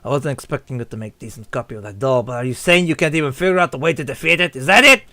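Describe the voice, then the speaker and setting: A man's voice: mid-range voice, lively intonation, rapid-fire, sharp tone, no echo, pitched below the performer's own voice. A man voicing a cold, stern father with a put-on Russian accent and clipped, broken grammar. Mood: scornful.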